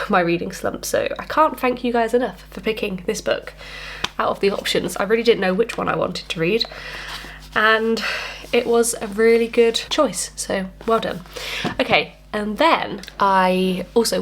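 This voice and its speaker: A woman's voice: medium pitch, gravelly, a little hiss or hum. A woman talking casually at home in a reading vlog, chatty and enthusiastic, rambling with fillers. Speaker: book vlogger.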